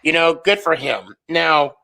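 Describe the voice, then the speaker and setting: A man's voice: fairly high pitch, animated, a little slow, vocal fry, pushed and bright. A man co-hosting a casual sports podcast, rambling with many fillers and restarts. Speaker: podcast co-host.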